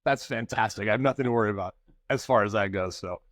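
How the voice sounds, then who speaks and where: A man co-hosting a podcast in casual chat, jokey and quick to react loudly. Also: lowish voice, no room sound, studio quality. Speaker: podcast co-host.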